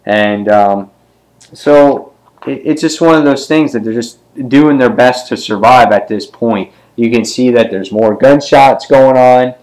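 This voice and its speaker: A man casually reviewing a comic book issue, with many ums and quick character voices as he retells the scenes. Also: medium pitch, a little mellow, low-quality recording.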